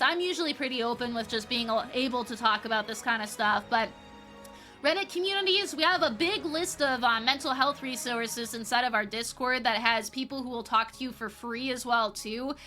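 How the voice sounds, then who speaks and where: Brief: young woman streamer, high voice, casual and profane, faint music under. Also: a little fast, bright, forceful tone. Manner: chatty, swears casually, reads chat aloud. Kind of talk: casual live-stream chat with viewers.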